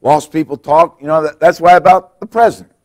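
A middle-aged man preaches a sermon to his congregation in a church. His voice sits a little higher than most men's. He moves between quiet, hushed lines and loud, emphatic ones. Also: brisk. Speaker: pastor. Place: church sanctuary.

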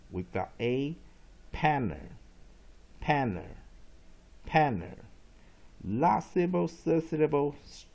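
Male phonics teacher; dark, mellow tone, repeats each word with emphasis. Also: medium pitch, creaky. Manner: repeats words slowly and emphatically, switching between Mandarin and English. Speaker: English pronunciation teacher. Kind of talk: pronunciation lesson, drilling syllables.

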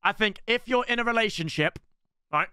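A young man reacting to clips in casual commentary, excitable and quick to break into shouts. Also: high-pitched, clean tone, no room sound, clean studio sound.

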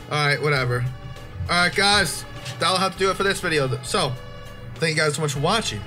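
A man's voice: on the high side, a little fast, sharp tone, soft background music. A young man giving casual gameplay commentary as a YouTuber, swearing and joking in exasperation. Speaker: gaming YouTuber.

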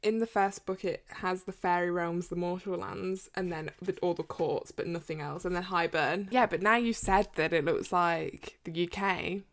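A woman with an English accent co-hosting a podcast in casual chat, animated and giggly, with many "like" fillers. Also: lowish voice, normal speed, hardly any pauses. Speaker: podcast co-host.

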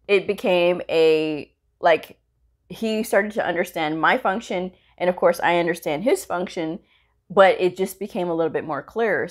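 Chatty woman telling a work story. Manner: animated, acts out quoted dialogue with pitch jumps; conversational, frequent "you know" and "okay?". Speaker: medical coder sharing career advice. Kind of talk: casual storytelling vlog.

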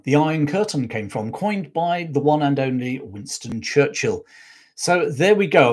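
A man's voice: on the high side, darkish tone, husky. A man hosting a live history show, telling stories in a rambling way, often correcting himself. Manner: rambling, self-correcting storyteller with many fillers. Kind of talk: live-stream history talk.

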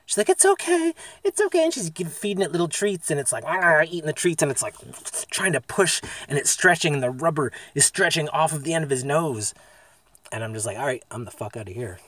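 A man's voice: fairly high pitch, a little fast, a bit bright, dry recording. A man from the US East Coast, telling a casual, rambling, profanity-laced story in a van-life vlog recorded on his phone inside a parked van. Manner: rambling, profane, laid-back.

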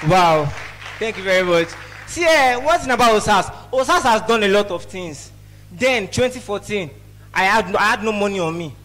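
A man with a Nigerian accent doing a lively stand-up set at an event, teasing the crowd and slipping into pidgin. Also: high voice, slight background noise. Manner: lively, mixes pidgin, teases audience. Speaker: stand-up comedian. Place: event hall.

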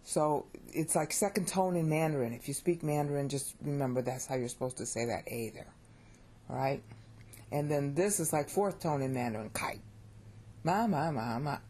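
Woman, American accent, middle-aged, low mellow voice, casual Bible Greek lesson, chatty, animated, checks in with viewers. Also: moderate pace, slight background noise. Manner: chatty and animated, with sudden excited jumps in pitch; keeps checking in with listeners and pokes fun at her own pronunciation.

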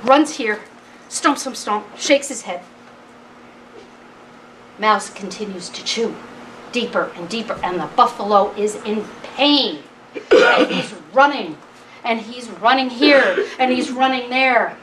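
A woman telling a traditional animal tale to a live audience, in a slow, deliberate way with long pauses. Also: a little high, fairly bright tone, slight background noise. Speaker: storyteller. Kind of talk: oral storytelling at a live concert. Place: event hall. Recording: distant mic at a live event.

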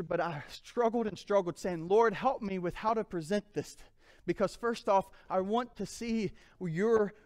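A man's voice: sits high, darkish tone. A man preaching a sermon as pastor, reading scripture and calling out to the congregation. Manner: emphatic, calls out to the congregation.

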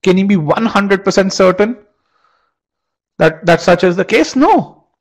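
A man with a fairly high voice runs a live online test-prep class. He talks through an argument step by step, fires questions at the students, and stumbles into repeated words when he restarts a phrase. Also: normal speed, rough recording. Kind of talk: live webinar teaching.

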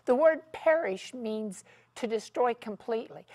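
A woman's voice: on the high side, expressive, measured pace, darkish tone. A woman teaching in a televised Bible study discussion, with emphatic, dramatic preaching delivery. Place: television studio set.

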